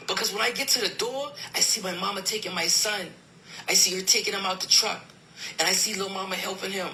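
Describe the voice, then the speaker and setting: A man retelling a family dispute in a heated argument, emphatic and quick to raise his voice when upset. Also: high-pitched, fairly even intonation, bright, forceful tone, a little hiss or hum, poor audio. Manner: emphatic, retells events with quoted dialogue, voice climbing when upset. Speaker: podcast host.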